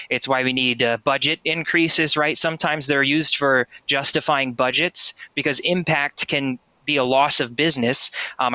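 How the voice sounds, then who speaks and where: A man presenting a live software demo in a webinar, explaining in a conversational way and often ending sentences with "right?". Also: medium pitch, no room sound.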